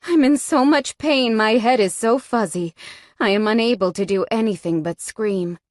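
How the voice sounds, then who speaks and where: A woman's voice: a little high, moderate pace, no room sound. A woman narrating a romance novel in the first person, in a tense, dramatic manner. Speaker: audiobook narrator.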